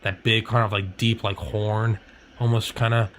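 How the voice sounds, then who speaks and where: A man's voice: fairly low pitch, level tone, moderate pace, a bit bright, a little hiss or hum. A man rambling in casual chat, swearing freely and leaning on "like" and "you know.".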